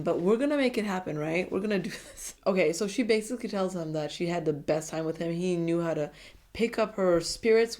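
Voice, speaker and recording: Woman, lowish voice, casual recap commentary, dramatic and gushing, talking to viewers. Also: a little mellow. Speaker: reality TV recap vlogger.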